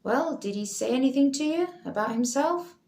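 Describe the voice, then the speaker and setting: A man's voice: extremely high pitch, animated, moderate pace, vocal fry, a little mellow, pitched above the performer's own voice, heavily acted. A woman voicing a formal male police constable, asking questions. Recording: roomy echo.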